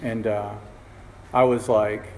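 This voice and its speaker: A man's voice: on the low side, flat delivery, takes it slowly, a little mellow. A man in his fifties telling his own recovery story to a group, rambling and self-mocking, with lots of "you know" fillers. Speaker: speaker sharing his story. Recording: reverberant hall with faint ambience.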